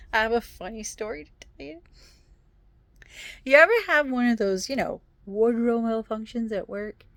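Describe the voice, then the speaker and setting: Woman, vlogger, casual storytelling, gravelly voice, drops to whispers. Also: on the high side, no room sound. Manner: chatty storytelling, often dropping to a whisper. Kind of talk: casual chat.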